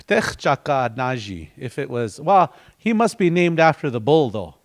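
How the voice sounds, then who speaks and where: A man's voice: medium pitch, very animated, moderate pace. A man teaching a language class, patiently repeating words and breaking them into syllables for his students.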